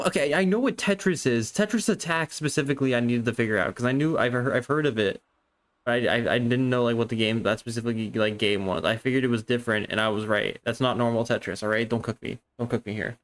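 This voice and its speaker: Young man, streamer, casual chat, excitable, rambling, swears, medium pitch. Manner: excitable, rambling, swears a lot, many restarts.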